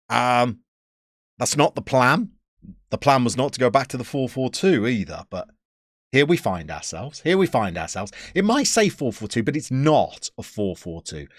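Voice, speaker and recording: A man's voice: medium pitch, a bit bright, dry recording, studio quality. Chatty British man streaming a game. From United Kingdom. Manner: chatty, self-mocking, reads out chat. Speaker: streamer playing a football manager game. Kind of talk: casual live-stream commentary.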